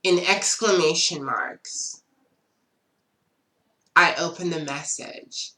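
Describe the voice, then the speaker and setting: A woman's voice: deep voice, slow pace, bright, forceful tone. A young woman telling a casual storytime vlog, chatty and full of "like" fillers. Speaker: vlogger. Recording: roomy echo.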